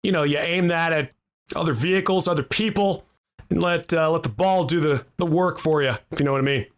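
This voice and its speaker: A man voicing a male mechanic who pitches his wares like a tour guide and a used car salesman, with a hustling, nervous patter. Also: fairly quick, lightly acted. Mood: salesy.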